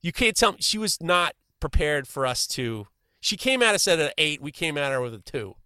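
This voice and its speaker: A middle-aged man with a bright, forceful, slightly high voice tells a rambling story in casual chat, stammering and restarting yet animated throughout. He speaks at a moderate pace with a clear, resonant tone. The recording is dry and close, with no room sound.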